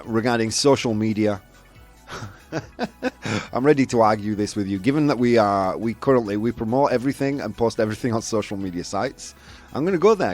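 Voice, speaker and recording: A man with a Yorkshire accent hosting a casual show, chatting loosely with lots of fillers and laughs. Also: fairly low pitch. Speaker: host. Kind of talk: casual live show chat.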